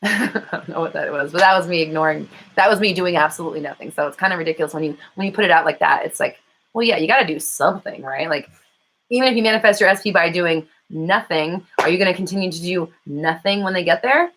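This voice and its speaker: A woman host and manifestation coach chatting casually and quickly with livestream viewers, full of fillers and the odd swear. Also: lowish voice, fairly bright tone, low-quality recording. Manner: fast-talking, self-described. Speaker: law of attraction coach and host.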